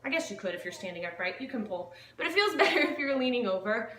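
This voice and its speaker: A woman's voice: a little high, sing-song, fast talker, fairly bright tone, echoey room, far from the mic. A woman fitness instructor leading a home workout, upbeat and counting reps aloud, a little out of breath as she exercises along. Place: home living room.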